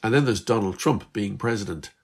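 A weary but hopeful Irish teenage girl who talks fast and earnestly and sounds a bit exasperated, as a man voices her. Her voice is only lightly raised and keeps a gravelly, husky edge. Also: on the low side. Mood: explaining. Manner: chatty, earnest, slightly exasperated.

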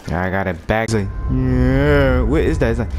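A young man giving goofy, slang-filled commentary while playing a game, swinging between loud outbursts and low mumbles. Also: lively intonation, normal speed, slight background noise. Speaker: gameplay streamer. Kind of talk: comedic gameplay commentary.

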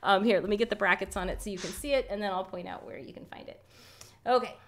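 A woman's voice: mid-range voice, fast talker. Chatty woman hosting a stargazing livestream. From California. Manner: chatty, laughs often, lively storytelling. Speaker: astronomy club host. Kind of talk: casual livestream stargazing talk. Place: outdoors at night.

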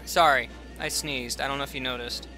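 A man's voice: mid-range voice, steady tone, fairly quick, loud music behind the voice. A man streaming a video game, reading the story text aloud with playful jokes and asides.

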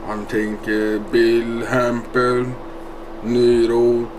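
Slow deadpan Swedish man, noisy clip. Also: medium pitch. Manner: deadpan, broken English, repetitive boasting. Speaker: YouTuber in a played clip. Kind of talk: boastful eating video.

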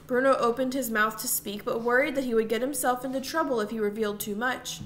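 Brief woman narrator, storybook reading, fairly high voice, faint background hiss. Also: fairly even intonation, quick pace. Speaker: audiobook reader.

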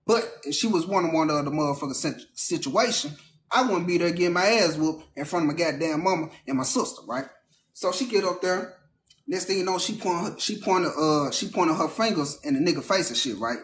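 A man with a high voice tells a story casually, cursing freely and jumping into the voices of everyone involved. His voice bounces around a roomy space. A faint hiss sits underneath. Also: fairly quick. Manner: animated, profane, acts out the people he quotes.

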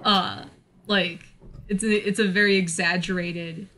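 An American woman co-hosts a casual podcast in a lowish, fairly even voice at a measured pace, her tone bright and forceful. She's chatty, uses lots of fillers, and laughs frequently.

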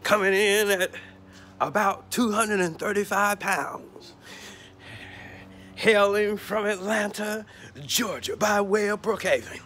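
A man's voice: sits high, slow, bright, forceful tone, a little hiss or hum, heavily acted. A man putting on a showy ringside wrestling announcer voice, stretching out his words as he introduces the fighters. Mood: hyped. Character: booming ringside wrestling announcer, male adult.

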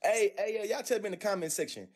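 A man's voice: high voice, quick pace, a little mellow, slightly rough. An American man streaming a casual video chat, talking in loose slang with lots of stammered restarts, heard over a video call. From United States. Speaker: streamer chatting with strangers online.

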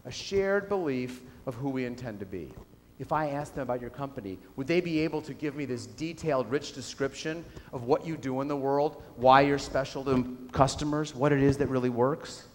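A man's voice: medium pitch, moderate pace, a little hiss or hum. Man giving a keynote in an echoing hall. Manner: storytelling, asks the audience questions. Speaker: keynote speaker. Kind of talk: business keynote speech. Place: lecture hall with audience. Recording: reverberant hall.

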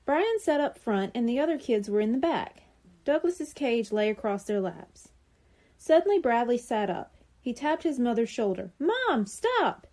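Expressive woman reading a children's book. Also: a little high, normal speed. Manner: expressive, clear storytelling. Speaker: library storyteller.

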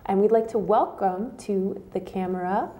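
A woman hosting a studio interview show, upbeat and quick with praise as she leads her guest along. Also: mid-range voice, warm tone. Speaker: host. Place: television studio.

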